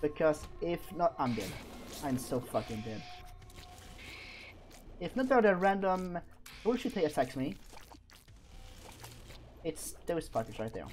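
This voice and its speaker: A man's voice: fairly high pitch, big pitch swings, a little slow, pauses often, soft background music. Panicky swearing gamer man. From Sweden. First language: Swedish. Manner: panicky, swearing, yelling at enemies. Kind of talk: let's-play commentary.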